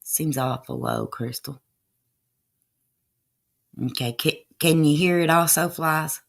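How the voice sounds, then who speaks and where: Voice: mid-range voice, slow, creaky. A livestream host giving loose, chatty commentary over archive clips, with fillers and asides to chat.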